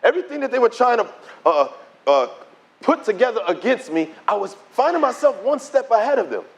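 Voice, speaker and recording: A middle-aged man giving his testimony as a preacher, telling the story in an animated way and acting out the dialogue. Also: very high voice, fairly quick, creaky. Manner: animated storytelling, acts out dialogue in quoted voices. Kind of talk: preached testimony to a conference audience.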